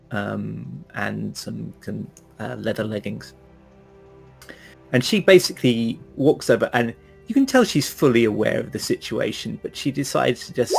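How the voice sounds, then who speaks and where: Gravelly man running a tabletop game. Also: lowish voice, a bit bright. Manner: hesitant, lots of ums while describing. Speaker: game master.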